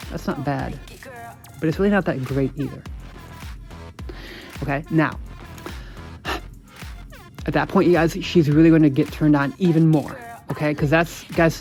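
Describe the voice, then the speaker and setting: A man hosting a podcast, coaching listeners with emphatic, repetitive instructions and casual swearing, dropping lower and quieter when he acts out sample lines. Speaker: podcast host, dating coach.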